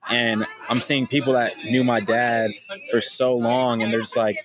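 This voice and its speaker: A young man as a podcast guest, talking in casual conversation with an emotional, halting manner and many restarts. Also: mid-range voice, little pitch movement, crowd noise.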